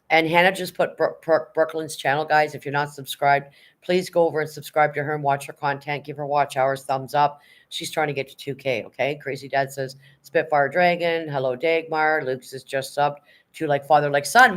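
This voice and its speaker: A middle-aged man hosting a livestream, reading viewers' chat messages aloud and giving upbeat shoutouts. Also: fairly high pitch. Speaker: livestream host. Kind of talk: casual live-chat shoutouts.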